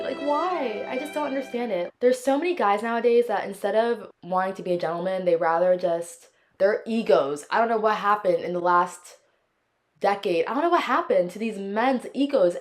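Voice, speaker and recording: A woman hosting her own solo podcast, chatting casually in a sassy, opinionated, dramatic way, sometimes stretching words in a sing-song. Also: on the high side. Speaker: podcast host.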